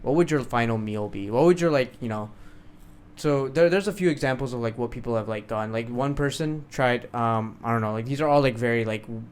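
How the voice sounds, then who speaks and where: Animated young man on a podcast. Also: medium pitch, brisk, clear, resonant tone. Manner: animated, swears and laughs often. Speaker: podcast co-host. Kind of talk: casual chat.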